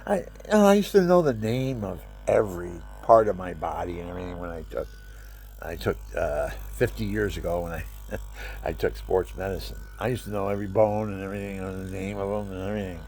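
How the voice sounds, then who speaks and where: A man's voice: low voice, a little fast, a little mellow, slightly rough, soft background music. An older man with a stuffy nose, rambling chattily at home in a casual vlog and showing things as he talks. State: stuffy nose, talking through his nose.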